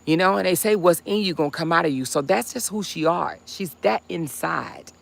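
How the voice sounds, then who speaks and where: A woman's voice: on the low side, a little fast, creaky. A woman hosting a casual livestream, talking bluntly and heatedly with chatty asides. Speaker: livestream host.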